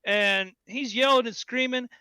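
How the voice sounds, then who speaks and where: A man co-hosting a casual podcast, telling stories animatedly and loudly acting out what people said. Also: extremely high pitch, a little slow, clean tone, no room sound, clean studio sound. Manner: animated storyteller, acts out quotes loudly. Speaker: podcast co-host. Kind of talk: casual chat.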